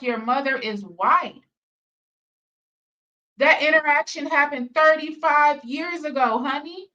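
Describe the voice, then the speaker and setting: This woman hosts a reaction video, firing off repetitive, challenging questions as she comments. She speaks high with a sharp edge, and the audio is dull and picked up from a distance.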